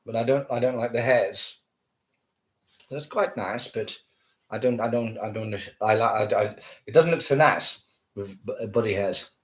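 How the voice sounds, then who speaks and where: A man's voice: on the low side, moderate pace. A man ranting casually to camera, scornful and heavily profane, repeating himself.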